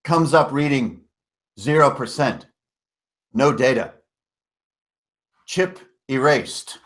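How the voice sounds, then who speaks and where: A man's voice: mid-range voice, animated, slow pace. A man narrating a tabletop game recap as game master, casual and storytelling, with self-corrections and mild swearing.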